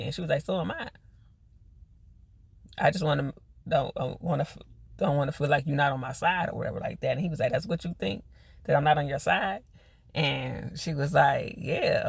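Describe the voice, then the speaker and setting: Guy recapping a tv episode, kinda high voice w some fry, super chatty, lots of "you know what i'm saying". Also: no echo. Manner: retells scenes in quoted dialogue, laughs at the characters; loose, chatty, full of fillers like "you know" and "or whatever". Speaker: TV episode reviewer.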